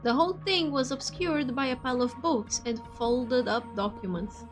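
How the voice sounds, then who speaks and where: A fairly high-voiced woman streamer whose first language is Portuguese reads a visual novel aloud, breaking off for chatty, giggly asides to her viewers. Faint game music plays underneath her voice. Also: moderate pace. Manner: chatty, giggly, switches between reading and asides.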